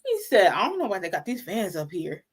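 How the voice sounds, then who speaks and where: A woman's voice: mid-range voice, huge pitch swings, a little fast, breathy edge. A woman co-hosting a casual chat, retelling scenes by quoting people and laughing. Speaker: co-host.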